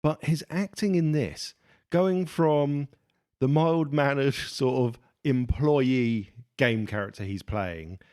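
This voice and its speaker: A man's voice: medium pitch, slow, a little mellow. Musing man co-hosting a film podcast. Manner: thoughtful, musing, analytical. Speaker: podcast co-host. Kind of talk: casual film discussion.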